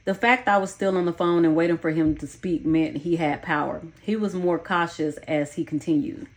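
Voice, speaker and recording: A woman's voice: lowish voice, steady tone, moderate pace. A woman narrating a first-person memoir audiobook in a frank, blunt way, swearing freely.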